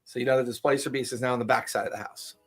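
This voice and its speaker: A man's voice: medium pitch, steady tone, rapid-fire, slightly rough, faint music behind. A man running a tabletop game as game master, describing scenes steadily with the odd filler "uh".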